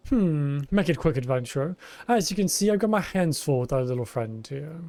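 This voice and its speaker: A man reading as an impatient military commander who scolds in a rough old-sailor dialect. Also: fairly high pitch, expressive, brisk, a little mellow, no room sound.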